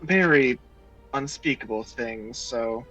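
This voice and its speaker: A man playing in a tabletop game, talking in a halting, stumbling way. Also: mid-range voice, over loud music, low-quality recording. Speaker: player. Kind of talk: in-character tabletop play.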